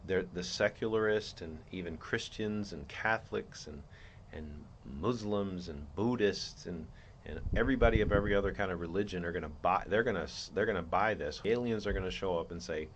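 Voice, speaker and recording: A man's voice: deep voice, fairly quick, muffled recording, a little hiss or hum. A man hosting his own show, laying out a theory in an earnest, rambling monologue with many restarts. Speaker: podcast host.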